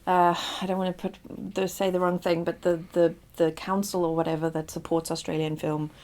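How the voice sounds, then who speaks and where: A woman with a South African accent co-hosting a casual film review, emphatic and lively, sometimes searching for words. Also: lowish voice, a little fast.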